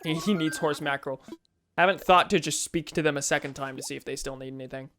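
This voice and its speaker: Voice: medium pitch, fast, over music. A game streamer chatting casually while playing, thinking aloud and joking at their own expense.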